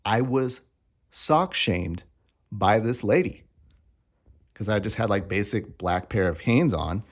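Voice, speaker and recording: A man's voice: on the low side, expressive, slow. A young man vlogging in a casual, rambling way, joking and swearing offhand. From Arizona. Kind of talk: casual chat.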